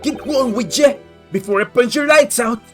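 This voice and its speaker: A woman growling as a huge rough prison governor. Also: a little high, moderate pace, faint music behind, voice pushed up, natural voice. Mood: hostile. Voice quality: rough, gravelly put-on voice. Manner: menacing, suspicious, blustering. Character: huge gruff middle-aged male prison governor, hostile.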